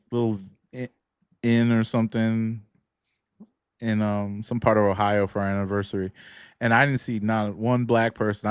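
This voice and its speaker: A man co-hosting a podcast, chatting in a laid-back way, laughing often and trailing off quietly. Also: lowish voice, no echo, studio quality. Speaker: podcast co-host. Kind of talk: casual chat.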